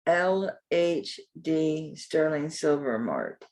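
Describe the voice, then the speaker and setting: Husky older woman with a drawl. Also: sits low, expressive, very slow, darkish tone. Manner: rambling, talks to herself, mild cursing. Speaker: jewelry seller. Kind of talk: live sale, chatty self-talk while looking up items.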